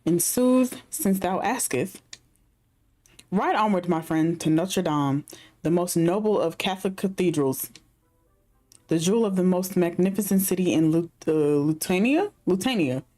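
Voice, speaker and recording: A woman's voice: fairly low pitch, expressive, unhurried, mellow. A woman voicing a pompous grown man who cosplays as a knight, speaking in grand mock-archaic phrases as she reads game dialogue aloud. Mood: grandiose.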